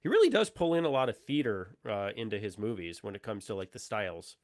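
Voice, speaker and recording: A man's voice: on the low side, very animated, quick pace. A man co-hosting a podcast, chatting casually about films in a loose, rambling way full of restarts and fillers. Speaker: podcast co-host. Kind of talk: casual film chat.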